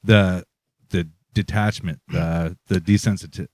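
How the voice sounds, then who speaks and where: A man's voice: low voice, steady tone, unhurried, darkish tone. A man, co-host of a casual podcast, telling a loose, profane story with frequent laughs. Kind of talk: casual chat.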